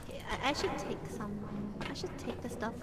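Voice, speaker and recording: A woman's voice: a little high, animated, fairly quick, background noise. A woman streaming a game live with friends, panicking, squealing and laughing.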